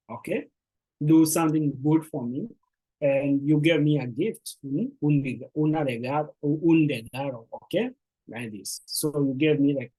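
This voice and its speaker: A language teacher giving a beginner lesson, patiently repeating words slowly and encouraging the learners. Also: mid-range voice, dark tone, slightly rough, poor audio.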